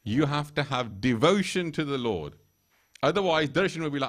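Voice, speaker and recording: A man's voice: fairly high pitch, expressive, normal speed, fairly bright tone. A man giving a temple sermon in a conversational way, laughing often and acting out quoted voices. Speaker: temple speaker. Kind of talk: sermon retelling scripture stories. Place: temple hall.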